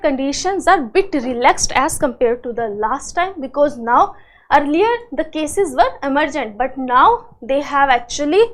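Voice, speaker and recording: A woman giving an exam-prep lecture, explaining step by step and asking herself questions, often tagging "right?". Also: high-pitched. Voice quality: frequent "right?" and "uh" fillers. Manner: explanatory, asks and answers own questions. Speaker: teacher.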